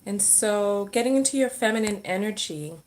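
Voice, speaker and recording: Speaking at a normal speed with a medium, somewhat dark and expressive voice, this woman coaches people on self-love and relationships. In a casual livestream Q&A, she answers viewer comments as she reads them, often losing her thread mid-sentence and beginning again.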